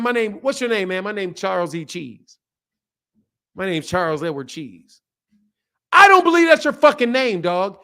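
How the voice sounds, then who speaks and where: High-voiced man ranting in disbelief. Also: fairly bright tone. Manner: profane, incredulous, repeats himself, laughing asides. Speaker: boxing channel host. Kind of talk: casual reaction rant.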